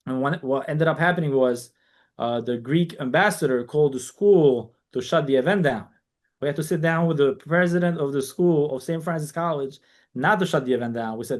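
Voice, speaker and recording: On a laid-back podcast, a guest raised in New York, who founded a community organization, tells long, lively stories full of quoted dialogue and frequent restarts. His voice is on the high side and fairly quick.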